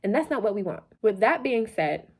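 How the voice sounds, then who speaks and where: A woman's voice: mid-range voice, very animated, a little fast, a little mellow. Woman vlog host, late-night loopy energy, playful preacher, repeats phrases for emphasis. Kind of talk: motivational talk to camera.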